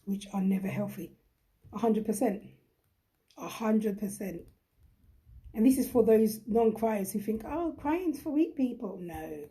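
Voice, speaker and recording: A woman's voice: mid-range voice, creaky, warm tone. A young woman hosts a live chat with viewers, talking in a chatty, emphatic and encouraging way. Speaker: host.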